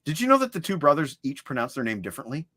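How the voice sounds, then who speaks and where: Racing along in a fairly high voice, this man co-hosts a livestream and chats excitedly about the CDs he collects. There's no room sound on the recording.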